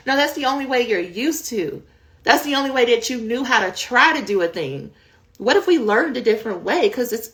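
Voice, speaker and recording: Candid high-voiced woman coaching dissertation writers. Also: a bit bright. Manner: candid, conversational, addresses viewers as y'all. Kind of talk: live Q&A coaching talk.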